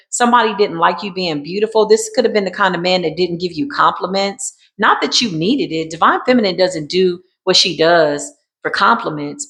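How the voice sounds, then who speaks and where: A woman's voice: fairly low pitch, vocal fry, fairly bright tone. A woman doing a casual tarot card reading, talking in an emphatic, repetitive and colloquial way and calling her viewers y'all.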